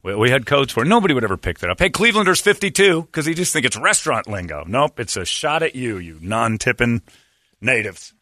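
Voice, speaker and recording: American man, forties, talk show host, lively swooping pitch, bright tone, dry studio. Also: a little fast, no echo. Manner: animated storyteller, mimics accents and other voices. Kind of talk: casual chat.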